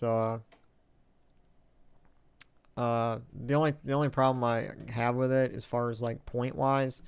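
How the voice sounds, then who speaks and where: A man chatting his way through a game on a live stream, rambling and hesitant, with a wry, self-mocking streak. His voice is smooth and clear at a middling pitch, and it sits close and dry with no room around it. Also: a little mellow, no room sound. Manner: rambling and hesitant, reads viewer chat aloud. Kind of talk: casual gameplay commentary on a live stream.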